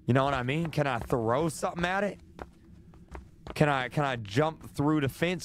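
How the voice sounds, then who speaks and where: A man's voice: mid-range voice, moderate pace. Young man, streamer, nervous repeated exclamations, strained voice, faint hiss behind. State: losing his voice. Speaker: gaming streamer. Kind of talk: live horror game commentary.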